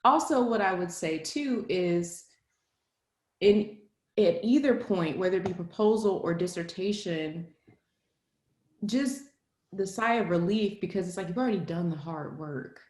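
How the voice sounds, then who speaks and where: A woman's voice: lowish voice, a little slow. Chatty woman in a roomy room. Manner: lively, chatty, with frequent "like" and laughs. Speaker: podcast guest. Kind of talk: casual interview chat. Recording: roomy echo.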